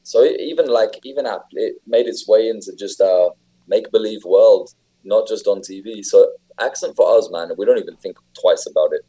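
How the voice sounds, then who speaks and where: A man's voice: fairly low pitch, moderate pace, warm tone, slightly rough, poor audio. A young English man chatting casually, telling stories with lots of fillers and restarts. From England. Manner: rambling, filler-heavy storytelling. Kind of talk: casual chat.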